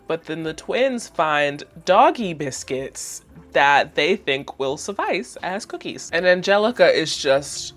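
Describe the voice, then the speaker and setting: A woman's voice: fairly low pitch, lively intonation, normal speed. A woman in her twenties chatting casually as she recaps a cartoon, laughing often and saying "like" a lot. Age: 20s. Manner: chatty, laughing, heavy use of "like". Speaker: host.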